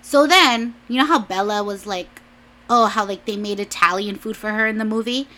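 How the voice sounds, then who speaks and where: A woman's voice: mid-range voice, moderate pace, sharp tone. A young adult woman vlogger chatting casually, rambling with lots of "like"s and restarts, and often laughing. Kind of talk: casual chat.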